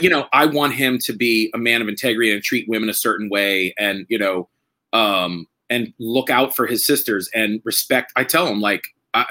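A man hosting a podcast, talking casually in a rambling, halting way full of fillers and restarts. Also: medium pitch, bright, forceful tone. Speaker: podcast host. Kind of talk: casual conversation.

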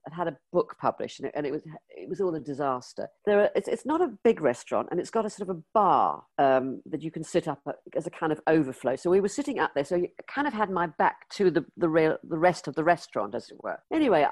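A woman's voice: low voice, fast, hardly any pauses. An older British woman, a former magazine editor, telling stories in an interview and acting out the voices in her anecdotes. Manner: lively anecdotal storyteller, acts out quoted dialogue. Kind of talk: storytelling interview.

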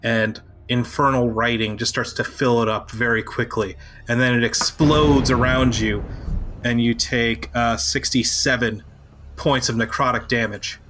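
A man narrating as game master of a tabletop game, halting and full of fillers, now and then shouting short character lines. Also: medium pitch, fairly even intonation, slight background noise.

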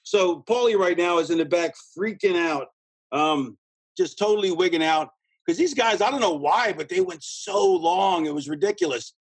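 A man with a husky, slightly raised voice rambles through a backstage story as a guest, restarting sentences and acting out quoted lines. He sounds close and dry, with no room around him. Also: high voice, no echo, low-quality recording. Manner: rambling, animated, lots of restarts and quoted dialogue. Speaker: guest, former pro wrestler. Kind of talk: casual storytelling in an interview.

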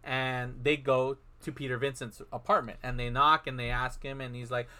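A man's voice: medium pitch, little pitch movement, moderate pace, sharp tone, smooth. A man in casual chat, animatedly retelling a film plot and acting out the characters' lines.

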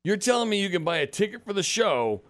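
A man in his thirties tells a story on a podcast, his voice pitched a little high for a man. He swears freely and acts out each exchange with heat. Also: fast. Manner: profane, animated, acts out quotes. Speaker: podcast host. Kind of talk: casual storytelling.

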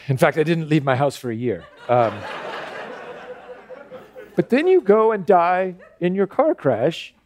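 A man's voice: on the high side, a little mellow. An actor playing a pompous, starstruck male newsman who gushes, fumbles and gets flustered as he interviews a guest. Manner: flustered, fawning, voice cracking. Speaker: host. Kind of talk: comedic character interview.

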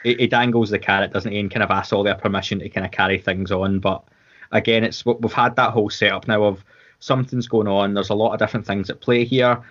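A Scottish man with a lowish, slightly bright voice talks fast and in a steady tone as a podcast co-host in a casual watchalong chat. He rambles, restarts and uses plenty of fillers, and the audio is a little dull and lo-fi.

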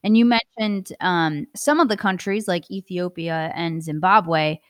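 A woman hosting a podcast who asks measured prompting questions. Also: on the low side, no room sound, studio quality. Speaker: podcast host. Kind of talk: podcast interviewing.

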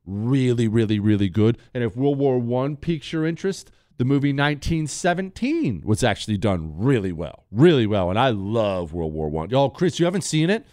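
A man's voice: mid-range voice, very animated, moderate pace, hardly any pauses, a little mellow, dry recording, studio quality. A young adult man hosting a radio show, bantering and joking in casual talk. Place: radio studio. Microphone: studio mic.

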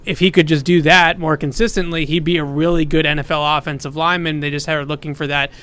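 A man talks through football tactics on a podcast in detailed, analytical breakdowns. His voice sits a little high and sounds smooth and clear. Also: flat delivery, fast talker, fairly bright tone. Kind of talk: sports podcast chat.

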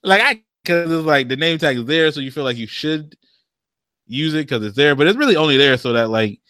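A man's voice: a little high, animated, a little fast, pushed and bright, no echo, clean studio sound. A young man co-hosting a casual chat, slangy and profane, often laughing and acting out what others say.

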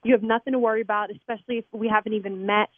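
A woman arguing fast and defensively on a phone call, indignant as she is pranked. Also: medium pitch, steady tone, no echo. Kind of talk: heated phone argument. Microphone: telephone. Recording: tinny phone line.

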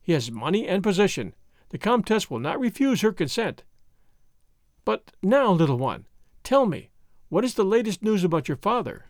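A man voicing an anxious young noblewoman who speaks with strained, forced warmth in a storybook reading. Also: high-pitched, very animated, normal speed, no echo, clean studio sound. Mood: forced cheer. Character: anxious young noblewoman hiding her fear.

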